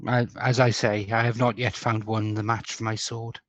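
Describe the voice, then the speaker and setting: A man's voice: lowish voice, flat delivery, normal speed, dry recording. A man playing a samurai in a tabletop game, speaking in a formal, stately manner. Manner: formal, stately in-character speech. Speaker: player. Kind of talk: in-character tabletop role-play. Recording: dry, dull lo-fi audio.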